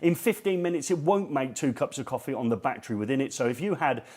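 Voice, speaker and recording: A man's voice: mid-range voice, expressive, fast talker, a little mellow. A man hosting a casual show segment, teasing and joking playfully with a guest. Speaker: show host. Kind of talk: casual trade-show banter.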